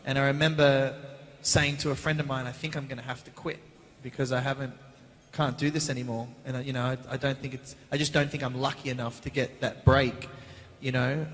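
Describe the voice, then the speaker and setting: A man, answering fan questions as a guest actor on a convention panel, chatty and animated, recorded on a handheld mic in a large hall. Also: mid-range voice. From Australia. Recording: reverberant hall.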